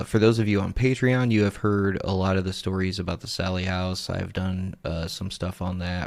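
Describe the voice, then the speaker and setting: Gravelly low-voiced man hosting a podcast. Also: darkish tone. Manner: laid-back, swears freely. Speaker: podcast host. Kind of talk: casual narration of recorded clips.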